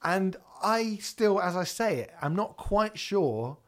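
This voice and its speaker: A man co-hosting a podcast in casual chat, animated and sweary, breaking into bits of song. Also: sits high, slow. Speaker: podcast co-host.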